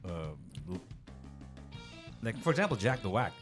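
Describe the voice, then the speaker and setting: A man with a Filipino accent hosting a casual radio talk show, speaking haltingly with many fillers and restarts. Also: mid-range voice, expressive, fairly bright tone, soft background music.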